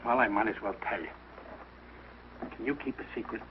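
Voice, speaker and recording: An actor playing an excitable, sentimental working-class father in a 1940s radio sitcom, lively and self-pitying. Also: fairly high pitch, moderate pace. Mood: hurt. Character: blustering, sentimental working-class family man. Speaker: father of the household. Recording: dull old radio broadcast with faint hiss.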